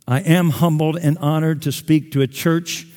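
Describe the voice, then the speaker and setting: A middle-aged man gives a sermon, mixing folksy storytelling with self-deprecating humor. His voice sits somewhat high. It rings with the long reverb of a large sanctuary. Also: steady tone, moderate pace, darkish tone. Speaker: guest pastor.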